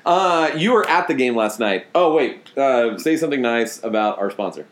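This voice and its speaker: A man's voice: mid-range voice, lively intonation, moderate pace, roomy sound. A man hosting a casual sports podcast, teasing his co-host and laughing often.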